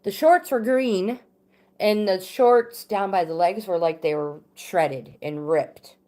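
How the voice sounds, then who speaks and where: A middle-aged woman hosting a livestream, telling a personal story in a casual, halting way with frequent fillers and restarts. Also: mid-range voice, mellow. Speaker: livestream host.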